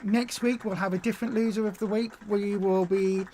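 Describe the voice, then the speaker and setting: A woman's voice: mid-range voice, fairly even intonation, fairly quick, dark tone, slight background noise. A woman hosting a weight loss support live stream, talking in an emotional, effusive way and repeating herself. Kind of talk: casual live stream chat.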